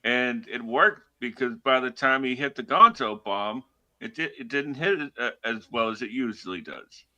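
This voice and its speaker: A man co-hosting a podcast in casual chat, laid-back and halting, with lots of fillers and laughter. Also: medium pitch, lively intonation, pushed and bright. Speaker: podcast co-host.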